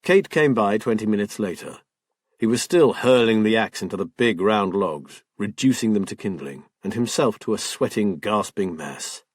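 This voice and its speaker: A man reading a crime novel aloud as an audiobook narrator, in a measured storytelling manner. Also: fairly low pitch, lively intonation, dry recording, studio quality. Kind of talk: scripted narration.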